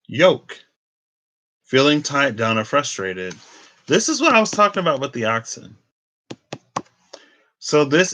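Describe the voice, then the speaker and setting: In poor-quality audio, a man in his twenties gives a casual tarot reading in a slightly bright, lowish voice. He's chatty and keeps rambling off into tangents.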